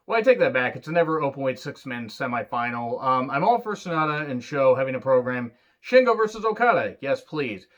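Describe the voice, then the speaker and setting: An excitable man talks through a wrestling review in a loose, rambling solo chat. He swears freely and drifts into asides. His voice sits at an ordinary middle pitch, and the recording is a little dull and lo-fi. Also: a little fast, hardly any pauses.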